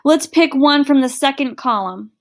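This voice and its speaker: A woman's voice: high voice, animated, moderate pace. A middle-aged woman teacher giving a recorded online lesson, explaining patiently with everyday examples.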